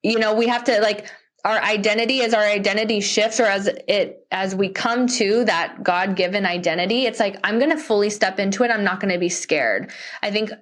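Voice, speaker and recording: Heartfelt young woman coach, animated. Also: medium pitch, fairly quick. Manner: animated and heartfelt, with many restarts. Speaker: life coach and podcast guest. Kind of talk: earnest interview conversation.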